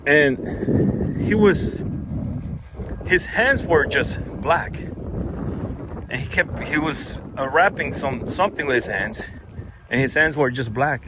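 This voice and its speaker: A man with a slightly high voice telling a story in a loose, rambling way, often restarting his sentences. There is a faint hiss of noise behind him. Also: lively intonation, slow pace, long pauses. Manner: rambling, self-correcting, quotes others in a raised voice. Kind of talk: casual storytelling.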